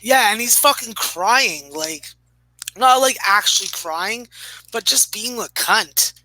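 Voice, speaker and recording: A man's voice: high-pitched, expressive, takes it slowly, sharp tone, a little hiss or hum, low-quality recording. A man in his thirties ranting profanely in a casual podcast chat. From Canada. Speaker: podcast regular.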